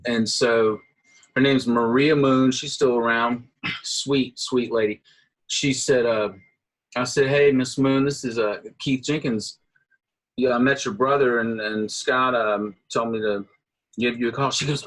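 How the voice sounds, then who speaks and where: A man's voice: medium pitch, measured pace, low-quality recording. A middle-aged man, a guitarist, telling stories casually in an interview, acting out the voices of the people he quotes. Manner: animated storyteller, acts out quoted voices. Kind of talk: casual storytelling.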